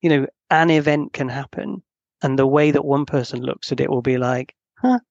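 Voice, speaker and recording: A man hosts a podcast in an easygoing, animated way, often restarting his sentences. His voice has a gravelly, creaky edge. The sound is dry and slightly dull. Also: mid-range voice, normal speed, no room sound. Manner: animated, restarts a lot, acts out quoted voices. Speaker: podcast host. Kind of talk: casual conversational interview.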